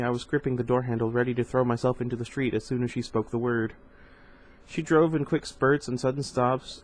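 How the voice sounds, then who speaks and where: A man's voice: medium pitch, low-quality recording. A man reading a novel aloud in an informal way, with casual asides and stumbles over hard words. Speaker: reader.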